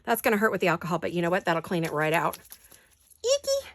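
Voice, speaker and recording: A woman's voice: lowish voice, very fast, noisy background. A woman hosting a craft-along from her home studio, chatting and talking to herself in a rambling, playful way. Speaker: crafting channel host.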